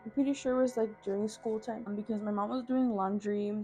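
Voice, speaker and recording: A woman's voice: medium pitch, steady tone, fast talker, warm tone, faint music behind. Young female vlogger, casual storyteller, swears a lot, filler-heavy, phone mic at home. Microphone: phone camera.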